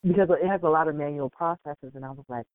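A woman's voice: deep voice, fast talker, no echo. A woman in casual chat, reacting emphatically and repeating her phrases. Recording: tinny phone-like line.

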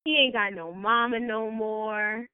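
A woman chatting casually about a TV show, animated, laughing and acting out quotes. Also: on the high side, a little slow, noisy background. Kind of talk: casual chat. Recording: tinny phone-like line.

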